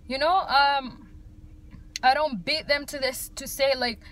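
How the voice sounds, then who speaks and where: A woman's voice: high voice, fairly even intonation, unhurried, fairly bright tone. A young woman from Africa, a single mother, venting to her viewers in a casual vlog, blunt and heated, swearing freely and saying "like" often.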